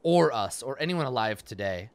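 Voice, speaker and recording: A man reading the lines of a solemn female mage in a quiet, measured, grave way. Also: mid-range voice, expressive, dry recording, voice pushed up, natural voice.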